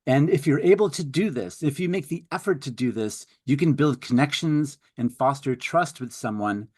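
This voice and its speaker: A man's voice: medium pitch, expressive, moderate pace, darkish tone, no room sound. A man in his fifties hosting a live webinar, introducing the speaker in a theatrical, upbeat and playful way. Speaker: webinar host.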